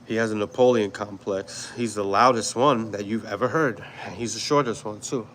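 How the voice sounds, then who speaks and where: A man's voice: on the low side, normal speed, fairly bright tone, slight background noise, rough recording. A man from New York hosting a livestream, chatting casually with viewers, swearing, laughing and rambling. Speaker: livestream host. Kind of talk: casual commentary with chat.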